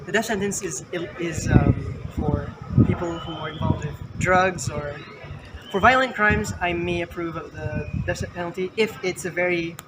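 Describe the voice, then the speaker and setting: A man's voice: high-pitched, normal speed, very noisy. A man answering an interview question outdoors, speaking hesitantly with fillers. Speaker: street interviewee.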